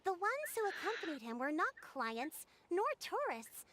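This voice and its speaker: An actress voicing an earnest young woman guide in a video game, explaining local legends in a gentle storytelling manner. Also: extremely high pitch, sing-song, normal speed, slight background noise, exaggerated voice. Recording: game audio with music underneath.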